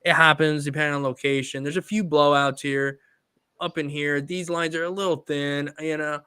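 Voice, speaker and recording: Male host, live tattoo critique stream, animated, higher voice, dry close mic. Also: normal speed, smooth, dry recording. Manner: animated, rising to high excited bursts. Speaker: tattoo artist and show host.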